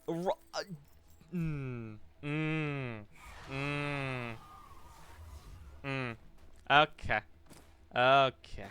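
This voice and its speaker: Male streamer, mid-pitched and bright, muttering and cursing as he plays. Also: extremely slow, long pauses, smooth. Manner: thinks aloud, stammers and repeats himself, swears when frustrated. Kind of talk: live gaming commentary.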